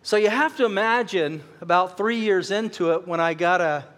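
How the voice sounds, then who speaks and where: A man's voice: high voice, normal speed, a bit bright. A middle-aged male pastor preaching a sermon, telling a personal story in an earnest way that builds to fervent, emphatic appeals.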